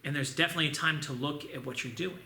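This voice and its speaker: A martial arts instructor teaching an online class for children, calling out each move and cheering the students on. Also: male voice, a little high, racing, gravelly, sharp tone, slight background noise. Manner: upbeat, coaching, calls out moves. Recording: echoey room, distant mic.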